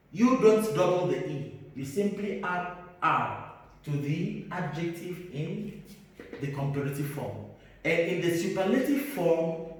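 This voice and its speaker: A man teaching an English grammar lesson, repeating words and answering his own questions. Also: on the high side. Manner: slow, repetitive, asks and answers own questions. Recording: echoey hall, mic far off.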